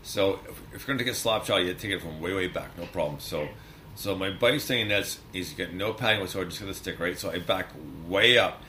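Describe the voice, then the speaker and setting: Man guest, bright voice, animated storyteller, swearing, faint background noise. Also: sits low, brisk. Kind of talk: casual podcast chat.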